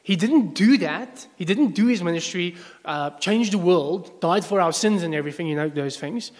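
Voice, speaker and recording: A man's voice: sits high, animated, normal speed. A male pastor preaching a sermon to a congregation in a conversational way, often asking them questions. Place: church service before a congregation. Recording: long echo of a large hall.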